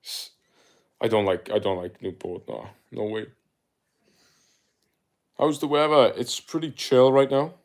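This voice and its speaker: A young man with a South Welsh accent, chatting live to his viewers and reading their comments aloud. He talks in a relaxed, easygoing way, dropping slang like "mate" between answers. His voice sits a little on the low side. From South Wales. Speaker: livestreamer. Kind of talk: casual live-stream chat reading comments.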